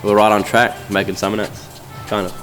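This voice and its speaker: A man hosting a casual workshop car vlog, excited and joking as he rattles off parts in quick bursts. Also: lowish voice. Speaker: car builder and channel host. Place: home garage workshop. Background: music.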